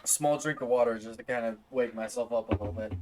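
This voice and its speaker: A man's voice: medium pitch, fast, a little mellow, slight background noise. A man streaming a video game, chatting casually in a playful, rambling, self-mocking way while sleepy and yawning. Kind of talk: casual gameplay chat.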